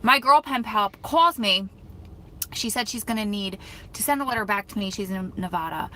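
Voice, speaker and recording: A young American woman with a mid-range voice hosts a casual livestream at a moderate pace. She chats animatedly, tells stories, reads comments, and laughs often as a vlog host. The recording is rough, with slight background noise.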